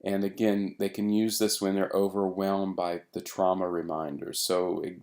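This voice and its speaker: A middle-aged man with a low-pitched voice delivers a recorded therapy training lecture at a moderate pace. His manner is relaxed and conversational, full of fillers and restarts.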